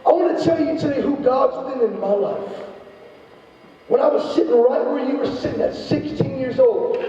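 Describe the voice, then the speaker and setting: A young man giving an evangelistic talk to a high school club, telling stories and acting out the voices in them. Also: normal speed, slight background noise. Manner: animated storytelling with acted-out quotes. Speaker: youth speaker. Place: large high school room with a crowd of students. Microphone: distant from the recording device. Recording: echoey hall from far off, dull sound.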